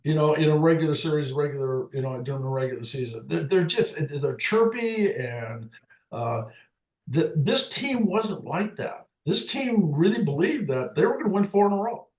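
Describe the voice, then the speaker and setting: A man's voice: lively intonation, darkish tone. Man telling stories in a roomy space. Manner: halting, restarts often, low-key. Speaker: retired umpire guest. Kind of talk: casual storytelling chat.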